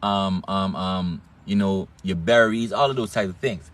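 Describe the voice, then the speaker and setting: An online health talk host lectures in a low voice at a measured pace, with a non-standard English accent. His style is casual and preachy, and he swears often while stressing and repeating words.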